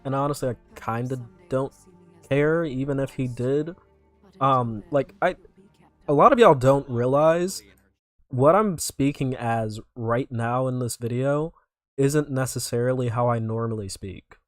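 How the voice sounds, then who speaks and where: A man's voice: medium pitch, measured pace, dry recording, soft background music. A young man from North Carolina, streaming and commenting casually in a rambling, filler-heavy way. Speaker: streamer reacting to videos. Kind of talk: casual live-stream chat.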